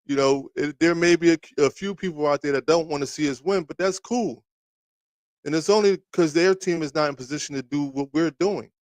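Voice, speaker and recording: Guy running a sports talk stream, kinda high voice, dry close sound, rambly trash talk to the chat. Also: fairly quick, dry recording. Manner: rambling, animated, trash-talking with many restarts. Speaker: sports talk livestream host. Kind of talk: casual sports talk to live chat viewers.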